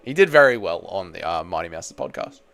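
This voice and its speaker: A man's voice: low voice, very animated, brisk, creaky, fairly bright tone, dry recording. An Australian man hosting a live stream, reading viewer chat aloud and answering in crude, joking banter. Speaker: channel host.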